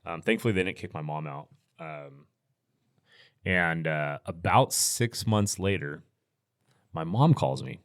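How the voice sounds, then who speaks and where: Deep-voiced American man telling a story. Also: measured pace, long pauses, clear, resonant tone, no room sound, clean studio sound. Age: middle-aged. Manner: relaxed, rambling anecdotal delivery with restarts. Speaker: podcast guest, firearms instructor. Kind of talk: casual storytelling in interview.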